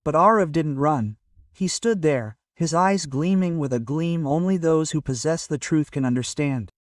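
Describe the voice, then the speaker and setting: A man reading a scripted story aloud in an even storytelling manner, voicing every quote in the same voice. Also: a little high, moderate pace, no room sound, studio quality, distant mic. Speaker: narrator.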